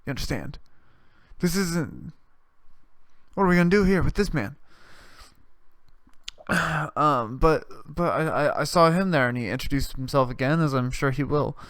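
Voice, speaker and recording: A young man hosts his own show, telling rambling, profane stories with lots of restarts. His voice is smooth and clear, and the sound is dry and close. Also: a little high, a little slow, pauses often, a bit bright, no room sound. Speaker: podcast host. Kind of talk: casual storytelling monologue.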